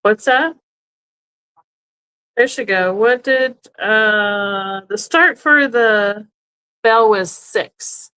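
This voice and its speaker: Seated indoors, a woman runs a casual live-stream sale, musing aloud over each item and frequently correcting herself. Her mid-range voice is pushed, bright, and smooth, coming very slowly with frequent pauses, on a rough recording.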